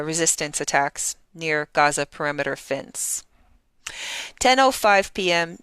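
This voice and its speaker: A woman's voice: lowish voice, a bit bright, clean tone, no room sound. A woman journalist giving heated, indignant live-stream news commentary and reading out timeline entries.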